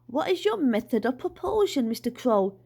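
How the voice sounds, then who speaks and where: A woman voicing a brisk, officious little chubby man with a clipboard, who booms his questions and announcements. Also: sing-song, creaky, mellow, slightly rough, full character voice. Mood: questioning.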